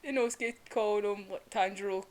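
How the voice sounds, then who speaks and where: A woman's voice: mid-range voice, steady tone, brisk. A young woman giving a casual, emotional review of a manga, chatty, full of "like" and the odd swear word.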